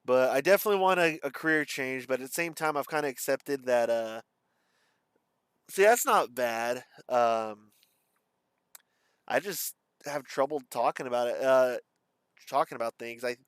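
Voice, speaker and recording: Casting: young male streamer, slight lisp, rambling and halting delivery, smooth voice, dry close recording. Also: medium pitch, dry recording. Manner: rambling, halting, self-described stutter. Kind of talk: casual vlog monologue.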